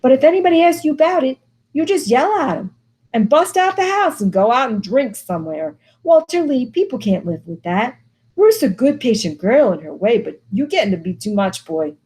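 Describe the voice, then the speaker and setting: A woman reading the part of a stern, weary older mother, speaking earnestly with her pitch lifted above her usual voice. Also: very animated, moderate pace, a little mellow. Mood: pleading. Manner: earnest, pleading, dialogue read with a lifted pitch.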